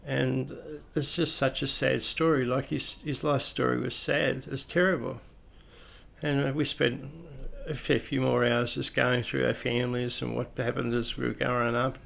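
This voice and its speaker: Australian man, police officer, very gravelly voice, plain-spoken, unhurried and reflective storytelling. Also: mid-range voice, a bit bright.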